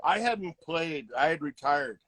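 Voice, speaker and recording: With a fairly high, unhurried voice, a middle-aged man who used to play hockey shares casual stories in an interview, animatedly performing the quotes. A crowd can be heard in the background, and the recording is rough.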